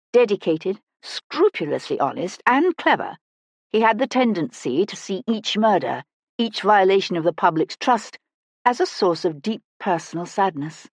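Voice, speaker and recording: A woman narrating a historical mystery audiobook in an expressive storytelling manner, close to the mic. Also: fairly low pitch, no echo.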